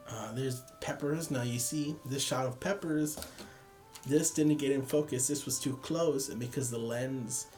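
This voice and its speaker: A man's voice: mid-range voice, darkish tone. A tired young man casually rambling and joking as he walks through his photos. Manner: rambling, self-deprecating, laughs at own jokes. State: tired, yawning. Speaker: photography vlogger. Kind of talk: casual chat.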